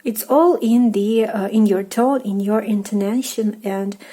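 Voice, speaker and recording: Young Russian-accented woman, casual online teacher, mellow and hesitant. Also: mid-range voice. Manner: halting, many fillers and restarts. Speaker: language teacher. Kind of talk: casual online language lesson.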